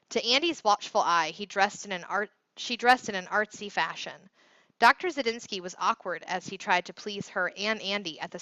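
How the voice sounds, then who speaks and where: A woman reads a novel aloud in steady narration with a bright, forward tone. The recording is dry and close, with a slightly dull top end. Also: medium pitch, dry recording. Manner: steady storytelling. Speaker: audiobook reader. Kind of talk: scripted narration.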